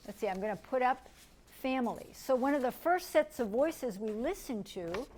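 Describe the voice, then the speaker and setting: A middle-aged woman from the United States, teaching a lecture in a gentle, step-by-step way and asking her listeners questions. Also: on the high side, animated, moderate pace. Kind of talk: recorded lecture.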